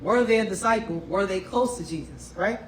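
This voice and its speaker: Male teacher, high voice, casual talk, keeps checking in; distant mic. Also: lively intonation, fairly quick. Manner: conversational, often checks in with "right?" and "you know what I'm saying?". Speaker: class teacher. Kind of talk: informal lecture. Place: room with a class. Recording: roomy and distant with faint noise.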